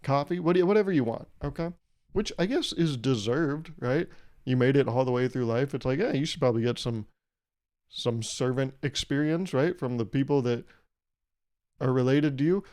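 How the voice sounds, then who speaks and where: A young man hosting a solo comedic podcast, rambling and irreverent, swearing freely and breaking into loud mock voices when he quotes people. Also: medium pitch, normal speed. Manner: profane. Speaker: podcast host.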